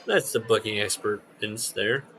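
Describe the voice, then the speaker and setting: A man co-hosting a podcast in casual chat, telling stories with swearing and loud, mimicked shouts. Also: lowish voice, moderate pace, slight background noise. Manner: animated storyteller, swears, shouts out quoted voices. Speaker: podcast co-host.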